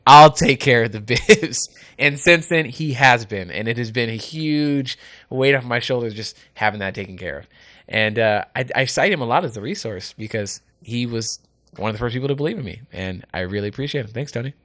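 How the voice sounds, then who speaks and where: A man on a studio microphone telling a casual story, animated and quick to laugh as he acts out the people he quotes. The room sound is dry and close. His pitch sits in an ordinary middle range. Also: no echo. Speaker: radio host and race organizer. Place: indoor podcast studio.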